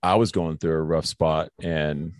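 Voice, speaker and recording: A man's voice: extremely low pitch, steady tone, a little slow, dry recording, studio quality. A man hosting a casual faith conversation, telling a personal story earnestly and calling his guest bro. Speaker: podcast host.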